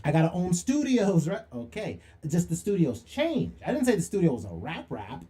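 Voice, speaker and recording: A man's voice: sits high, huge pitch swings, normal speed, warm tone. A young man hosting a livestream monologue, preachy and slangy, firing rhetorical questions and calling people out. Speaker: livestream host.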